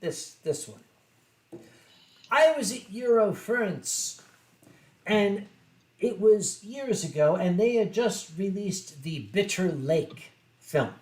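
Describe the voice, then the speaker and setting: Brief: high-pitched male host, rambling profane anecdotes, echoey room. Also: expressive, slow pace, long pauses, a little mellow. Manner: rambling, profane, self-mocking. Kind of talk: casual storytelling on a drinking stream.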